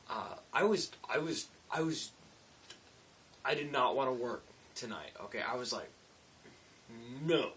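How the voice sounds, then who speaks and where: Young man, tired, rambling, self-mocking, mid pitch, off-mic, faint hiss. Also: fairly bright tone, recorded from a distance. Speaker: vlogger. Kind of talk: casual late-night storytelling vlog.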